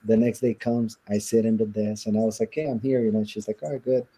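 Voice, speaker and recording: A man with a low, very dark and mellow voice tells his own story in an interview. He talks casually, acting out old conversations and leaning on "you know" and "like". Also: steady tone, fast talker, husky. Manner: casual, storytelling with many quoted exchanges and fillers. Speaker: interview guest.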